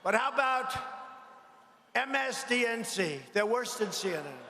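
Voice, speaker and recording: Older male politician at a podium mic: mocking, rambling, high-pitched, big reverberant arena. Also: lively intonation, unhurried, creaky, background noise. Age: 70s. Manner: combative, mocking, rambling asides. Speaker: politician addressing a rally. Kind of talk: rally speech. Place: large arena. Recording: echoey arena with long reverb.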